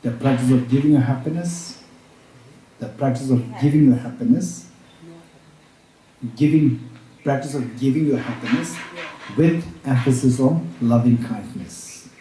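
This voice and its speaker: A man teaching Buddhist practice at a retreat, repeating each point slowly as if dictating, with halting restarts and check-ins with his listeners. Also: medium pitch, warm tone. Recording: roomy room, speaker far from mic.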